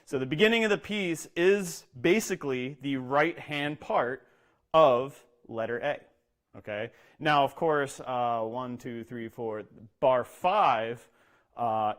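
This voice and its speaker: A man's voice: mid-range voice, a bit bright. A man who is a percussion instructor, explaining drum exercises step by step and often checking in with "okay?". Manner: explains step by step, says "okay?" often, speaks rudiment names in a rhythm. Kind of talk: instructional talk with demonstration.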